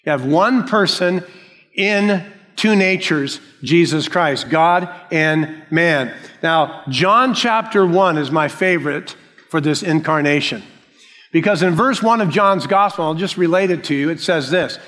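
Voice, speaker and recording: A male pastor preaching a sermon, slow and emphatic, repeating key phrases. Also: a little high, fairly bright tone, in a large hall.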